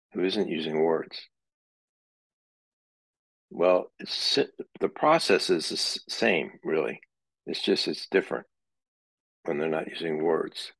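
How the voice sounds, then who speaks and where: A man's voice: low-pitched, vocal fry, no room sound. A middle-aged man teaching a psychology class in a conversational way, sometimes acting out example dialogue. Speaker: psychology lecturer. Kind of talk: classroom lecture.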